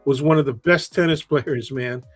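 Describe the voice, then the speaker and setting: A man's voice: medium pitch, moderate pace, dry recording, soft background music. A man in a casual talk show chat, reminiscing in an easygoing way.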